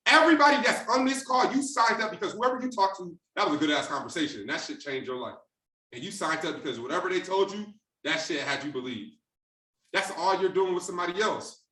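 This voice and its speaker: A man's voice: high voice, pushed and bright. A man coaching a sales team on a group call, talking in street slang and acting out conversations in different voices. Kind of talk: motivational training talk on a group call. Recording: roomy and distant from the mic.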